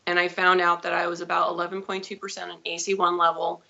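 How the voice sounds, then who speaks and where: Woman, 30s, interview guest; gravelly, rambling storyteller on dull lo-fi audio. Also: lowish voice, flat delivery, quick pace, sharp tone. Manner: chatty, rambling with self-corrections. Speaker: guest, diabetes advocate. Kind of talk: personal storytelling in a live interview.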